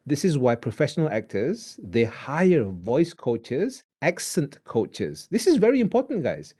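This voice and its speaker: With a husky, medium-pitched voice and measured pacing, a man with a Malaysian accent teaches drama. His lively lecture mixes English with Malay, and he performs examples along the way.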